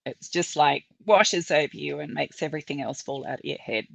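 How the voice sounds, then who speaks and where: A woman's voice: low voice, lively intonation, brisk, creaky, no echo. An Australian woman chatting as a guest, laughing often and explaining with little exercises. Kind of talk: casual video-call chat.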